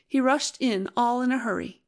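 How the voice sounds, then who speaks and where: A woman narrating a novel in a measured, earnest reading voice. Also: fairly high pitch. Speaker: audiobook narrator. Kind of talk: scripted narration.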